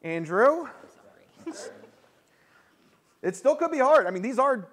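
A man hosting a charity game show stream, upbeat and quick to laugh. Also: very high-pitched, very animated, fairly bright tone.

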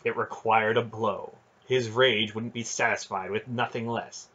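A man reading a fantasy novel aloud in steady storytelling narration. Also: fairly low pitch, a little slow, slightly rough, lo-fi sound. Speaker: audiobook reader.

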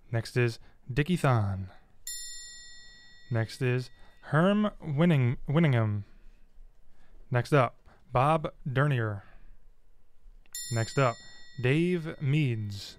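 A man's voice: medium pitch, drawn-out words, long pauses. A man co-hosting a card-collecting show, listing cards one by one and making dry jokes. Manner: dry joking, lists cards one after another. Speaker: co-host opening card packs. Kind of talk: casual chat.

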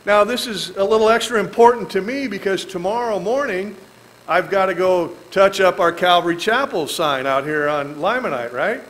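High-voiced man teaching the Bible. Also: moderate pace, low-quality recording. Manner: folksy and animated, with joking asides and chuckles. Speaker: pastor. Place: church.

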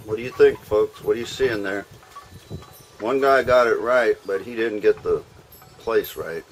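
A man's voice: fairly low pitch, normal speed, a little hiss or hum, poor audio. A man hosting a casual barbecue vlog outdoors, joking with the viewers and talking to the food as he cooks. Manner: folksy, jokey, talks to the food and the viewers. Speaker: backyard barbecue vlogger. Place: outdoors at a backyard smoker.

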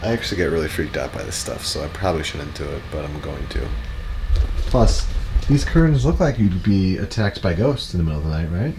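A young man with a very deep voice chats to his vlog audience late at night, relaxed and joking. He talks loosely and easily, with a faint hiss underneath. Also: brisk. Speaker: vlogger. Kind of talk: casual chat.

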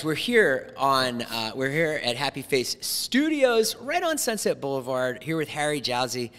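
A man's voice: medium pitch, wildly swooping pitch, a little slow, hardly any pauses, fairly bright tone, clear, resonant tone, long reverb tail, soft background music. A man in his forties hosting a podcast in a studio, telling rambling stories and laughing often. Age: 40s. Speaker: podcast host. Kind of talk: casual chat.

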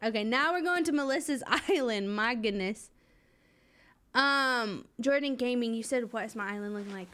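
Young woman streamer, slightly high, chatty and scattered, constant fillers, thanks her chat. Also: moderate pace, fairly bright tone, faint music behind. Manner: rambling and chatty, trailing off with many fillers; bubbly, reads out and thanks viewers. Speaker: game streamer. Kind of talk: live gameplay stream chatter.

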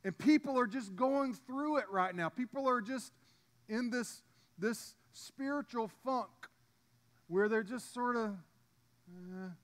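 A man's voice: very high voice, a little slow. A man preaching a sermon as pastor, in a conversational way with frequent restarts and asides to the congregation.

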